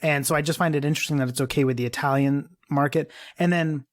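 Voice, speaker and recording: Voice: medium pitch, fairly even intonation, fast. A podcast cohost in casual chat, musing and arguing a point while thinking aloud. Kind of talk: casual pop-culture chat.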